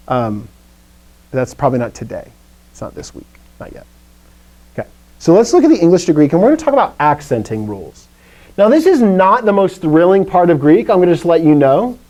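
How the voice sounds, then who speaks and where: A man's voice: fairly high pitch, sing-song, moderate pace, dark tone, low-quality recording. A man from the American South teaching a Greek class, chatty and playful, with lots of asides. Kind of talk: classroom lecture.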